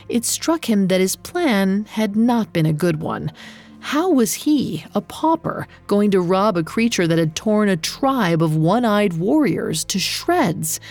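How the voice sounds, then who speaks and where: A woman reading a story aloud in a steady, unhurried manner as its narrator. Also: on the low side. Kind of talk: scripted narration.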